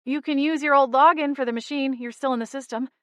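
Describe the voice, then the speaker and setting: A woman's voice: high-pitched, fairly even intonation, fast talker, no echo, pitched above the performer's own voice, close to an everyday voice. A woman voicing a frazzled young barista in her twenties in an audiobook, in a harried, grateful tone. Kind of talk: audiobook character reading.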